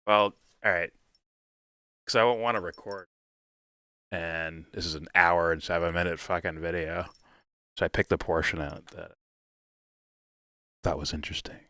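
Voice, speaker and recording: A man's voice: low voice, steady tone, normal speed, pauses often, sharp tone, no room sound, studio quality. A man hosting a live reaction stream in loose, casual talk, swearing freely and laughing often.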